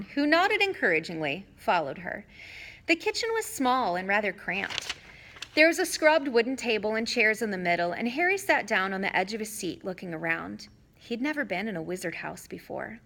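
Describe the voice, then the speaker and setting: A woman narrating a children's fantasy novel in an expressive reading voice. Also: medium pitch. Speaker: audiobook reader. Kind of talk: storybook narration.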